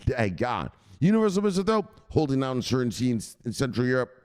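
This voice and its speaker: A man hosting a crypto news show as a casual livestream, hyped and profane, shouting out viewers. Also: medium pitch, big pitch swings, fairly quick, smooth. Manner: talks straight to viewers, gives shout-outs. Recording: echoey room with long reverb.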